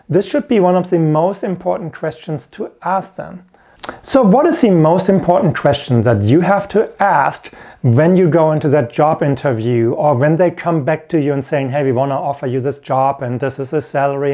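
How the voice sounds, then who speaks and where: A man's voice: fairly high pitch, warm tone. A man giving an earnest talk to camera as an IT career coach, repeating his key points. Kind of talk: instructional video talk.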